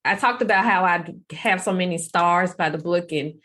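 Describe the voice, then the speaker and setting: A woman's voice: fairly low pitch, normal speed, fairly bright tone. A woman hosting a podcast interview, talking in an effusive, gushing and candid way. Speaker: podcast host. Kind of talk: casual interview talk.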